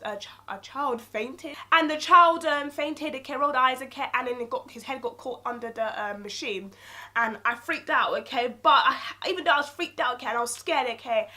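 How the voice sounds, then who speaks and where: A young woman vlogging a story to her viewers, her voice pitched high. She rants in an animated, casual way, checking in with "okay" and "like" as she goes. Her tone is bright and sharp. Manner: animated, ranting, peppered with "okay" and "like".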